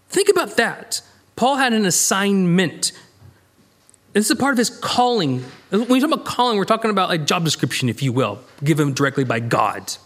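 Lively man teaching a Bible study. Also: high-pitched, normal speed. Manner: lively, conversational, reads scripture aloud and acts out quoted lines.

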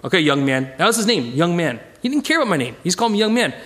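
A man teaching a casual Bible study, animated and digressive, chuckling as he goes. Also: high-pitched, racing.

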